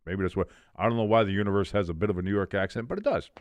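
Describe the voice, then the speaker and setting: A man hosting a casual sports preview, running through his picks in an animated, jokey, chatty way. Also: fairly low pitch, racing, no echo. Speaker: sports show host.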